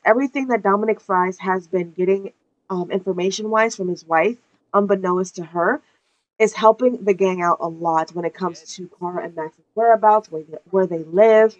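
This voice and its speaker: A woman's voice: medium pitch, normal speed, dull audio, faint music behind. A woman narrating her life-sim gameplay in casual commentary, chatty and profane, often laughing.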